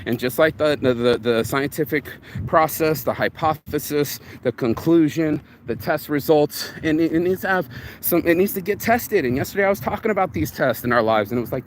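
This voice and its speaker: A man vlogging a casual, rambling monologue, reflective and often profane as he thinks out loud. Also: on the high side, fairly quick, slight background noise.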